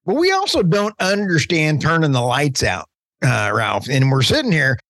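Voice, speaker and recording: Joking Texas-Oklahoma podcast host. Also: male voice, a little high, very animated, normal speed, a bit bright, dry recording, clean studio sound. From southern United States. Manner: jokey, self-deprecating, rambling. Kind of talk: casual podcast chat.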